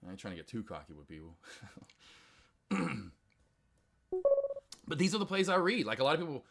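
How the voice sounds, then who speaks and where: A man hosting a live stock trading stream, chatting casually with viewers in an excitable, rambling way. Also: medium pitch, moderate pace, vocal fry, background noise. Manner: excitable, chatty, quotes others in loud outbursts. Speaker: stock trading livestream host.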